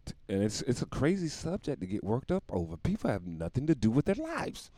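A man's voice: mid-range voice, wildly swooping pitch, a little fast, mellow, no room sound. A man delivering a rambling, profane comic monologue, often laughing at his own jokes.

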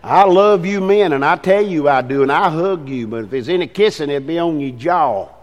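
An older man preaches with fervor, his fairly high voice swinging between quiet, intimate passages and ringing declarations. The sound carries the long reverb of a big church sanctuary. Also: animated, moderate pace, lo-fi sound. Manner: fervent preaching, rising and falling between hushed and loud. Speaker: pastor. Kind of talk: sermon.

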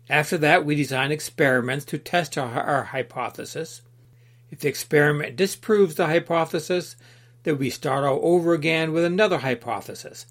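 A man reading the part of an earnest young man seeking truth in an allegorical story, in a measured, earnest manner. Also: on the high side.

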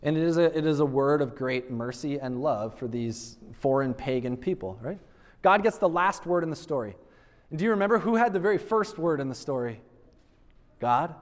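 High-voiced preacher in an echoing hall. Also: male voice, moderate pace. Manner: animated storytelling, asking the audience rhetorical questions. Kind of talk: sermon. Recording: long reverb of a large hall.

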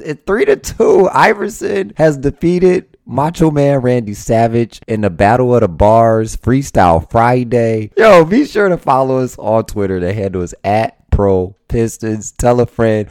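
A man hosting a podcast, giving casual, animated commentary with chuckles and repeated words. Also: mid-range voice, normal speed, few pauses, dry recording, studio quality. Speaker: podcast host. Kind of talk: casual sports and music commentary.

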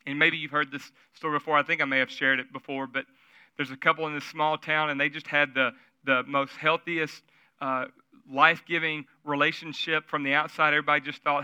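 A man's voice: a little high, flat delivery, brisk, sharp tone, clear, resonant tone, no echo. A man preaching a sermon at a church service, telling stories in a conversational way and asking the audience questions. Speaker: pastor.

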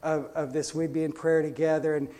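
Pentecostal pastor, male, high-pitched voice, energetic sermon delivery with restarts. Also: fairly quick.

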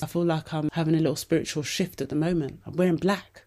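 A woman's voice: low-pitched, fairly even intonation, fast, few pauses, dark tone. A woman, hosting a podcast and giving candid, casual advice with plenty of swearing. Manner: candid, swears freely, calls listeners babes. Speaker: podcast host.

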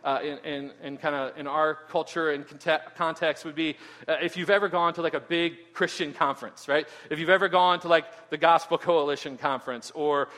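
A man preaching a sermon in an animated way, often asking "right?" and repeating words as he goes. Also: high voice. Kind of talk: expository sermon. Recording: long hall reverb.

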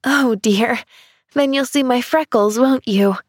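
A woman's voice: fairly high pitch, takes it slowly, no echo, studio quality, voice pushed up. A woman voicing a cheerful, eager little girl who gushes breathlessly in a storybook reading. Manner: gushing, breathless and exclamatory.

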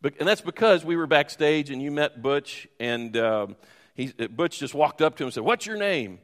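A man's voice: a little high, lively intonation, moderate pace. A middle-aged man preaching a sermon, telling a long personal story with many fillers and restarts. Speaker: pastor. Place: church sanctuary. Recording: long hall reverb.

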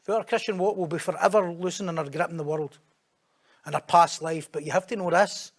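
High-voiced man preaching animatedly. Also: a little fast. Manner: animated, acts out quoted voices, sudden loud high bursts. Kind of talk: sermon.

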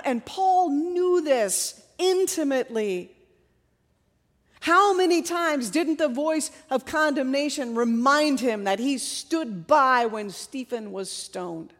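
Woman preacher, fairly high voice, expressive delivery, hushed to loud, long hall reverb. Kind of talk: sermon with scripture reading.

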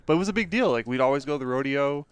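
Lively Texan man telling stories. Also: rapid-fire. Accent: Texan, mostly faded. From Texas. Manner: storytelling with lively pitch. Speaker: podcast co-host. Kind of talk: casual chat.

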